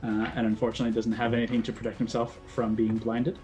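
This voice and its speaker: A man narrating as dungeon master, slow dramatic scene-setting between rules talk. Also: medium pitch, level tone, lo-fi sound, music in the background. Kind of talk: narrating a tabletop game.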